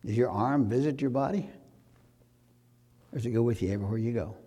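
A pastor, preaching a sermon that rises to loud, fervent exhortation. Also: male voice, medium pitch, a little fast, breathy edge.

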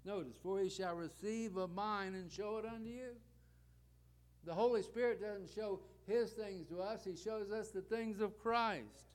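Smooth-voiced male preacher. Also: sits high, fairly even intonation, measured pace. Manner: rhetorical questions and repeated parallel phrases. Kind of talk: sermon.

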